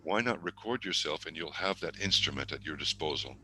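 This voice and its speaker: A man's voice: very deep voice, animated, a little fast, sharp tone, rough recording. A man teaching an online exam-prep lesson over a video call, thinking aloud and correcting himself as he goes, with murmured asides.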